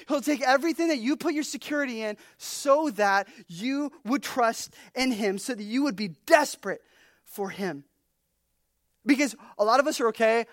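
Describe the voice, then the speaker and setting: A woman preaching a casual, humorous sermon, chatty and animated, with many fillers. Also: a little high, dry recording, studio quality. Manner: chatty, animated, uses lots of "like".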